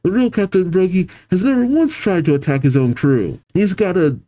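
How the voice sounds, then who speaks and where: A man voicing a crowd of panicked giant soldiers, shouting in a high, alarmed voice. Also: wildly swooping pitch, a little slow.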